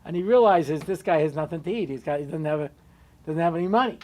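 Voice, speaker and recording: Animated rabbi telling a story. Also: male voice, quick pace. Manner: conversational, many asides and "you know"s; animated, shifting pitch and loudness. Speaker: rabbi and lecturer. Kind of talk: storytelling Torah lecture.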